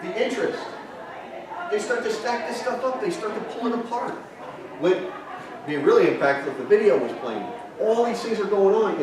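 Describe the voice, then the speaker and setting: A man presenting a marketing seminar in a hotel conference room, firing rhetorical questions at the audience. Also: high voice. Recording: echoey hall, distant mic, audience present.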